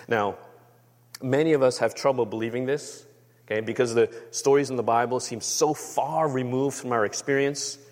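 A man with a slightly high voice preaches a sermon as a pastor, heard with a big-room sound. He speaks conversationally and often asks the room for agreement.

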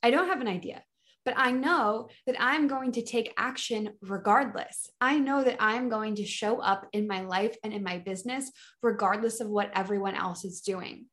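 A woman's voice: a little high, normal speed, fairly bright tone. Enthusiastic woman business coach. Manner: enthusiastic, emphatic, restarts often. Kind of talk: motivational solo talk.

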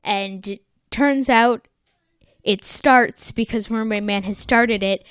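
A woman's voice: a little high, slow, a bit bright, clean tone, no echo, clean studio sound. An American woman co-hosting a podcast, recapping a cartoon episode in casual chat and playfully acting out the characters. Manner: playful, acts out characters in quotes. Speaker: podcast co-host.

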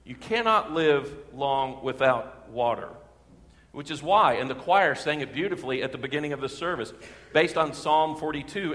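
A man preaching a sermon as a pastor, talking warmly and building to emphatic peaks on key phrases. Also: medium pitch, moderate pace. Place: church sanctuary. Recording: reverberant church sanctuary.

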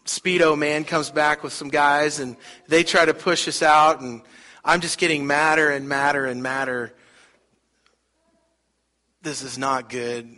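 A man's voice: on the high side, pushed and bright. A middle-aged man preaching a sermon, telling a story conversationally and putting rhetorical questions to the congregation. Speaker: pastor.

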